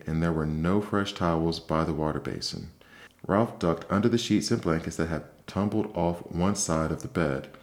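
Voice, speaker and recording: A man reading a children's book aloud as a soft, calm ASMR bedtime story. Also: deep voice.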